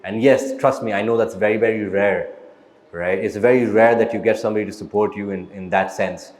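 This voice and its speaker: Male actor at a live Q&A, blunt and motivational, keeps asking "right?"; low-pitched, hall echo. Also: steady tone, a little fast, darkish tone. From India. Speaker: actor interviewee. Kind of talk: live audience Q&A. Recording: echoey hall, long reverb.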